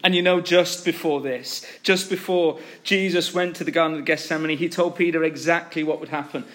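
A man delivers a sermon with a fairly high-pitched voice. He retells the story with animation and gives each quoted line a little voice of its own. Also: a little fast, few pauses, a bit bright. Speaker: preacher.

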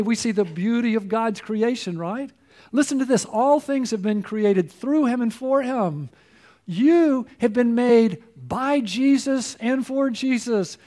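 A pastor delivers a sermon in a high, light male voice. He speaks earnestly and keeps turning to his listeners with rhetorical questions, pressing each point home. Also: mellow.

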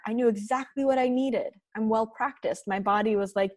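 A woman talking earnestly on a podcast, encouraging listeners in gentle spiritual language. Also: a little high, brisk, few pauses, no echo. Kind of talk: reflective podcast conversation.

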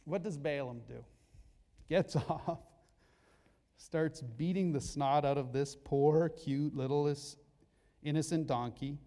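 A male pastor giving a sermon, telling a Bible story in an animated way with jokey asides. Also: on the high side, takes it slowly, pauses often. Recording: long hall reverb.

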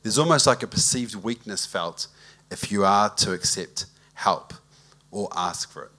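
Speaking a little slowly in a lowish voice, a male pastor shares a relaxed story during a conversational sermon and asks the congregation for a show of hands.

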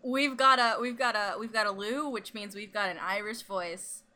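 A woman's voice: medium pitch, moderate pace, bright, forceful tone. A woman co-hosting a podcast in casual chat, teasing and giggling until she cries. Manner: giggly, teasing, laughing to tears. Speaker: podcast co-host.

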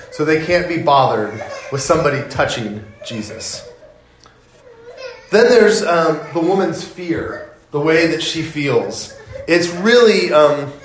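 Male pastor, high voice, animated sermon storytelling that acts out the characters, echoey room. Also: slight background noise.

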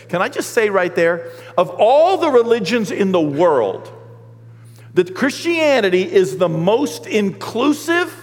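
Pastor, male, high voice, casual storytelling sermon, keeps checking in with his listeners, long hall reverb. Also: big pitch swings, measured pace. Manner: storytelling, often checks in with the congregation. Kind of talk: conversational sermon.

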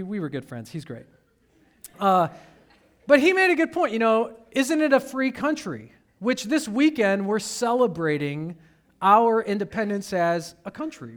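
A high-voiced pastor from Detroit, Michigan, preaches a sermon in a conversational, storytelling style. He sprinkles in humorous asides.

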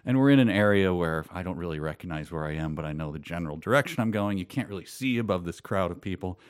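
Low-voiced man telling a rambling story. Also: lively intonation, quick pace, clear, resonant tone, no echo, clean studio sound. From Minnesota. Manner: rambling, self-amused storytelling with frequent laughs. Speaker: storyteller guest. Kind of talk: casual chat.

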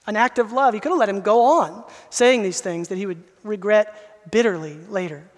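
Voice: medium pitch, moderate pace, in a large hall. A pastor preaching an expository sermon, earnest and emphatic, speaking directly to the listeners.

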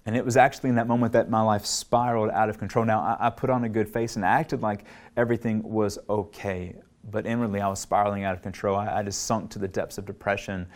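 A middle-aged man preaching a sermon, earnest, rising to emphatic peaks and then dropping low and soft when he tells his own story. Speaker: pastor.

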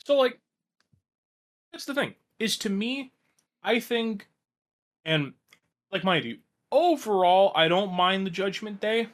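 A man's voice: high-pitched, expressive, slow pace, long pauses. A man co-hosting a wrestling podcast in casual chat, rambling with lots of fillers. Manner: chatty, lots of likes and you knows. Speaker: podcast co-host.

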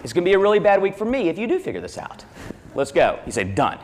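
A man's voice: high voice, huge pitch swings, very fast, darkish tone, slight background noise. A male pastor preaching a sermon, telling a family story in a conversational way and repeating himself as he goes.

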